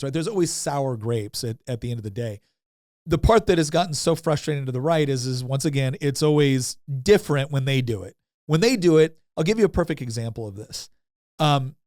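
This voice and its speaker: A man co-hosting a political podcast, telling stories in a casual, animated way and mimicking opponents. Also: medium pitch, dry recording, studio quality. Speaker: podcast co-host, state legislator.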